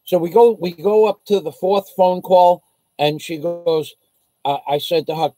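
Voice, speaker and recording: A man's voice: high-pitched, fairly even intonation, measured pace, warm tone, dry recording, poor audio. An American man vlogging from the Philippines, telling an indignant, rambling story on a casual livestream. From United States.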